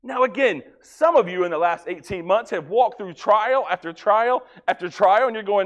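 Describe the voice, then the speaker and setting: A pastor preaching a folksy sermon, joking with the congregation and acting out little dialogues. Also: male voice, sits high, moderate pace, hardly any pauses.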